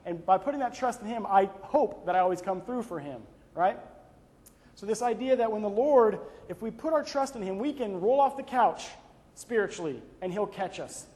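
A man's voice: high-pitched, lively intonation, moderate pace, a little mellow. A young man giving a conversational devotional talk full of personal anecdotes and "right?" asides. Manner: conversational, frequent "right?" tag questions. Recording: long reverb of a large hall.

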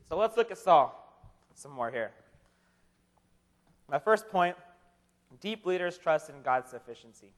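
A man's voice: fairly high pitch, animated, unhurried, long pauses. A young man preaching a casual, humorous sermon to a live audience, joking in a conversational way and often repeating his words. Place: chapel or hall with an audience. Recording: long hall reverb.

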